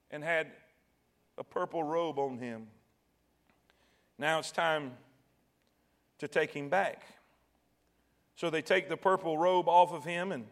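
A man preaching a sermon, retelling a scripture passage and acting out its voices, swelling at times to shouts. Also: high voice. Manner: dramatic, acts out quoted voices and swells to shouts.

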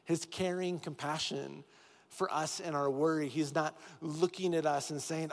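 A man's voice: fairly high pitch, fairly even intonation, a little slow. Man preaching in a reverberant church. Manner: earnest, repeating key phrases with rising intensity. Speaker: pastor. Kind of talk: sermon. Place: church sanctuary with long reverb. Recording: reverberant hall with soft music behind.

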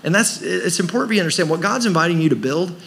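A man's voice: high voice, expressive, very fast, gravelly, fairly bright tone, slight background noise. A man preaching a sermon as pastor of a church, pressing his points with rhetorical questions and rising emphasis. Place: church service.

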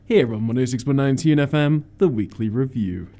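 A man's voice: mid-range voice, moderate pace. A man co-hosting a radio chart show, trading dry, teasing banter. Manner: dry, teasing, mock-serious. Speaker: radio co-host.

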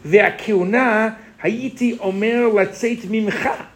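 A man teaching a Torah class in an animated way, asking his students rhetorical questions and mixing Hebrew phrases into his English. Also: sits high, slow pace.

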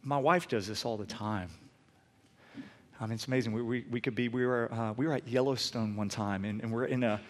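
A man preaching a sermon in a church, shifting between loud pleading emphasis and relaxed storytelling. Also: mid-range voice, a little fast. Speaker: pastor. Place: church sanctuary.

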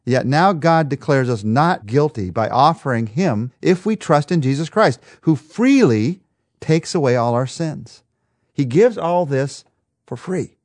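A man delivering a devotional sermon with an emphatic, repetitive rhetorical rhythm. His pitch swings widely as he stresses each point, and the sound is dry and close. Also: expressive, unhurried, darkish tone, no room sound. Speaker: preacher.

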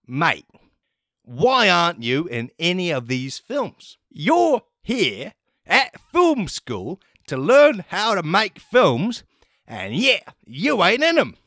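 A stern principal blusters and lectures, his voice raised well above the teller's own and dragged out slowly. A man plays him as part of a comic tale. The sound is close and dry. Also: high voice, huge pitch swings, sharp tone, no echo, voice pushed up, full character voice. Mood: scolding. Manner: scolding, blustering.

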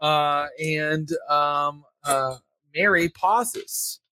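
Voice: medium pitch, drawn-out words, pushed and bright, clean tone, no echo. A game master narrating a tabletop game in a loose, rambling way, full of ums and likes. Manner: rambling, many ums and likes, laughs often.

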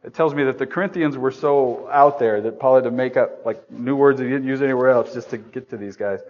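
A man delivers a sermon in a church room at a middle pitch, speaking like he is talking with friends. He keeps asking the congregation questions and pokes fun at himself. The recording sounds somewhat dull and muffled. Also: brisk, a little mellow. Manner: self-deprecating humor. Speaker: preacher.

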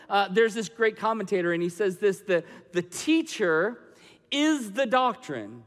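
A male pastor delivers a sermon in a noticeably high voice, moving between loud, emphatic points and soft, hushed stretches. His words ring out with a long reverberation, as in a large church sanctuary. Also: expressive, measured pace.

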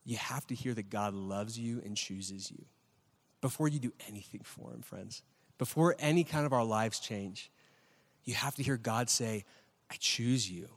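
A man's voice: fairly low pitch, normal speed. A man in his thirties preaching a sermon in a chatty style, asking the audience questions and often checking in with "right?". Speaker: pastor. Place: church hall with a live audience. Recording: long reverb of a large hall.

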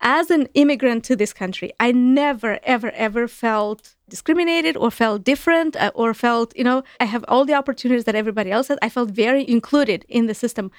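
A woman who speaks English as a second language talks quickly and animatedly in a higher voice. She restarts her sentences often as a podcast guest, and the recording is dry and close. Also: no echo. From Eastern Europe. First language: not English. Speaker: guest, company founder. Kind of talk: casual podcast chat.

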